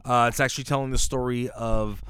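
A man's voice: mid-range voice, fairly even intonation, a little fast, fairly bright tone, clear, resonant tone. A man co-hosting a casual chat show, rambling and often filling with "what do you call it". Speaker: podcast co-host.

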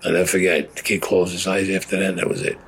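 A man's voice: low-pitched, little pitch movement, quick pace, creaky. An older man, a war veteran, telling a gritty personal story in blunt, profane speech, acting out what people said.

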